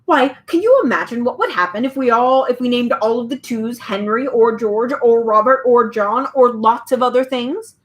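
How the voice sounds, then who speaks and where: A woman's voice: a little high, normal speed, few pauses, natural voice. A woman voicing a fussy, precise geometric man with many faces, reciting pompously in a storybook reading.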